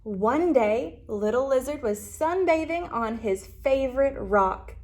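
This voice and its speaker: Slowly and in a high-pitched voice, a woman librarian brings a picture book to life for children, gasping with animation and putting questions to them.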